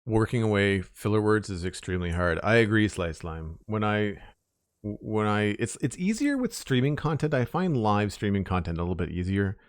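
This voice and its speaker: A man's voice: fairly low pitch, big pitch swings, normal speed, no echo, studio quality. A man streaming a building game and chatting casually with viewers, rambling, with many fillers and restarts. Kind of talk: casual live-stream chat while playing.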